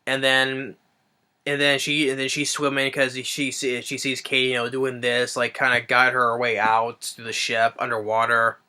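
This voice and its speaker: A man giving a casual spoken film review, halting and restarting his phrases as he thinks aloud. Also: medium pitch, completely flat delivery, bright, forceful tone, clean tone. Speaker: movie reviewer.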